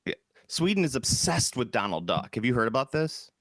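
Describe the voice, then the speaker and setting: Casting note: male podcast co-host, mid-pitched, loose and rambly, dry close-miked sound. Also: big pitch swings, fairly bright tone, no room sound. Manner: rambling, halting with restarts and fillers. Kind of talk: casual chat.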